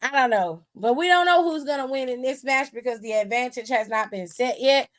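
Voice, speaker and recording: Woman, stream host, sassy, swears a lot, laughs often, slightly high voice. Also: a little fast. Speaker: wrestling aftershow host. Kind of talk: casual commentary stream.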